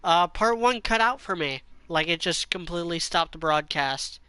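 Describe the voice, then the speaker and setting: Brief: chatty streamer, bright crisp voice, dry close sound, game music behind. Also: mid-range voice, lively intonation, moderate pace, no room sound. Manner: chatty, offhand. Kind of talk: casual gameplay commentary.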